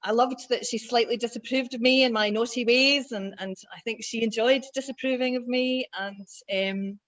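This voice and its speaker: A woman sharing fond words on a video call, gentle and halting. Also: on the high side, fairly even intonation. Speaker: church member sharing a memory. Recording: dull lo-fi video call audio.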